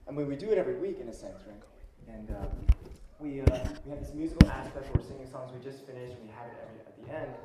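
A man's voice: medium pitch, quick pace, reverberant, very noisy. A man preaching a sermon as pastor, talking in a conversational, questioning way with casual fillers. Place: church sanctuary.

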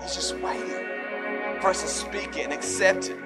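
A man preaching a sermon, moving from conversational talk to loud, fervent preaching. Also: high-pitched, moderate pace. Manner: builds from conversational to shouted preaching. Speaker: pastor. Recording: music playing underneath.

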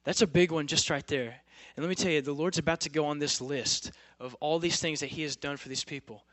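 A man's voice: fairly high pitch, steady tone, a little fast, few pauses, a bit bright, no room sound. Casual, emphatic young male preacher. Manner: casual, emphatic, rhetorical questions. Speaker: campus preacher. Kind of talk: sermon.

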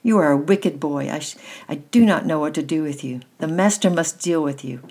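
A woman voicing a worried, quick-tempered mother in a storybook, close to her own low, husky voice. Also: little pitch movement, darkish tone. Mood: angry.

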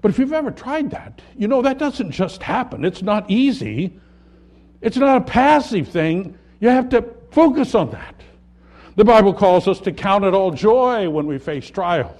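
Guy preaching a sermon, slightly high voice, gets loud on big words then goes quiet. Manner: earnest preaching, swells loud on key words then drops soft. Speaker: pastor.

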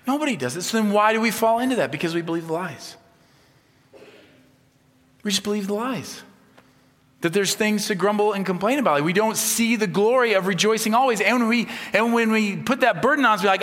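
Male pastor, sermon delivery, conversational with humor, soft-to-emphatic swings, long hall reverb. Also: sits high, moderate pace.

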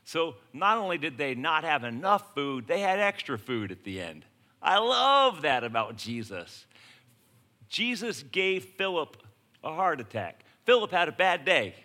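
A man preaching a sermon in a casual, conversational way, swinging from hushed lines to shouted ones. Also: on the high side, big pitch swings, a little slow. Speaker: pastor.

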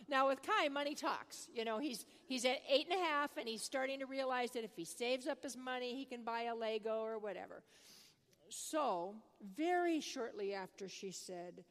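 A high-voiced older woman delivers a sermon as a lively, chatty story. Her voice carries a long reverb, as if from a large church hall. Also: moderate pace. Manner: conversational, animated storyteller. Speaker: preacher.

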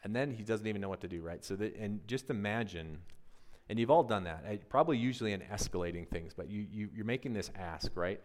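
A man preaching a conversational sermon, animated and always asking his listeners questions. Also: on the low side, quick pace. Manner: animated, asks the audience questions, often adds "right?". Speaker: pastor. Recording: long reverb of a large hall.

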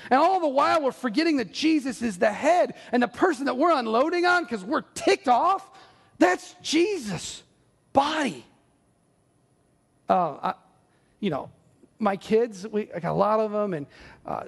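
A male pastor preaching a sermon in an earnest, conversational way with animated asides. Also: extremely high pitch, gravelly, husky. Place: church sanctuary. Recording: long church hall reverb.

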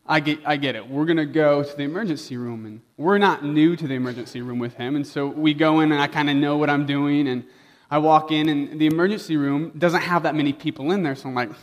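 A man's voice: mid-range voice, steady tone, brisk. A young man preaching a sermon as a personal story, talking in a casual, chatty way full of "like" and acted-out dialogue. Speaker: pastor.

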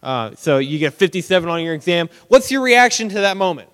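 A young man giving a casual, conversational sermon as a preacher, animated and acting out everyday reactions. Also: high-pitched, a little fast, clear, resonant tone. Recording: long hall reverb.

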